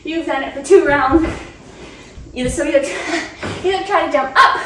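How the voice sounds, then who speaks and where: A woman's voice: high-pitched, normal speed, distant mic, a little hiss or hum. A woman fitness instructor cueing a home cardio workout, upbeat and chatty, out of breath as she talks. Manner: upbeat, chatty, laughs between cues. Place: room at home. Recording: roomy, off-mic home recording.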